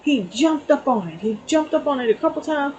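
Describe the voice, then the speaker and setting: A woman's voice: high voice, animated, brisk, darkish tone, muffled recording, a little hiss or hum. A middle-aged woman giving a casual spiritual tarot reading, telling a story and checking in with "okay?". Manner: chatty, storytelling, frequent "okay?" asides. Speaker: tarot reader.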